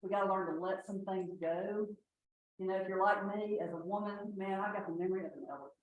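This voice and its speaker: A woman, giving a folksy, lively inspirational talk to an audience. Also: medium pitch, fast, recorded from a distance, narrow, tinny audio, a little hiss or hum. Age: 60s. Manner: folksy, lively storyteller, laughs often. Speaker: retreat speaker. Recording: echoey hall, speaker off mic.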